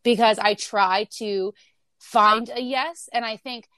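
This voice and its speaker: A woman's voice: fairly high pitch, steady tone, slow, sharp tone, clear, resonant tone, dry recording, studio quality. A woman guest in a casual interview, explaining her parenting views thoughtfully with everyday examples. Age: adult parent.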